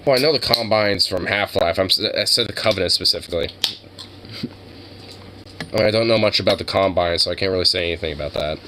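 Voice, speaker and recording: Deep-voiced young man chatting casually. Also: fast, noisy background. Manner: rambling, crude, jumps to a high baby voice with his dog. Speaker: streamer. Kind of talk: casual chat.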